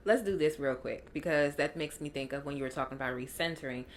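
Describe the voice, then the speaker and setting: A woman hosting a podcast, gently prompting her guest to share. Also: low-pitched, fast, a little hiss or hum. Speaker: podcast host. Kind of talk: interviewing, casual chat.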